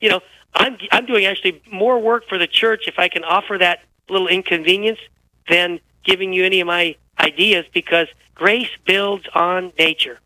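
A man guesting on a radio talk show, telling stories with lively energy while feeling unwell. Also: sits high, moderate pace, no echo, rough recording. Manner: energetic, animated storyteller. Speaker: guest, author. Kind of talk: radio interview, storytelling.

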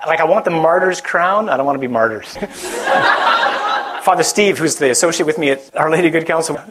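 A man's voice: a little high, quick pace, heavy background noise. A man, a Catholic priest, giving a conversational sermon, joking with the audience and putting questions to them.

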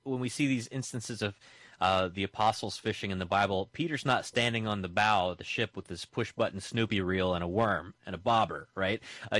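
A man hosting a conversation, relaxed and thoughtful, with some fillers. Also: lowish voice, dry recording. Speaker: host. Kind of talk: conversational interview.

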